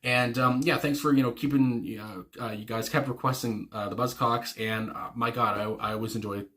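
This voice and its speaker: Bright-voiced man rambling on. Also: medium pitch, steady tone, moderate pace. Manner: rambling, full of fillers and casual swearing; enthusiastic, fond. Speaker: music reaction host. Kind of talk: casual reaction commentary.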